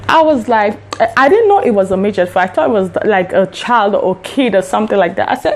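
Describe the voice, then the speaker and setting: A woman's voice: medium pitch, lively intonation, fast talker. A woman vlogger animatedly retelling a story in storytime style, swearing freely. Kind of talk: storytime vlog.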